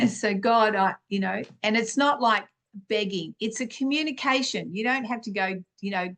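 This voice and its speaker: A middle-aged woman gives informal spiritual teaching as a podcast host, speaking in an unhurried, conversational way and clearing her throat often. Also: mid-range voice, fairly bright tone.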